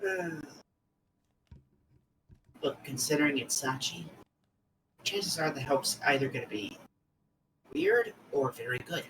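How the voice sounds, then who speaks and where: A man's voice: medium pitch, expressive, slow, pauses often, recorded from a distance, noisy background. A man chatting and joking as a player in a tabletop game.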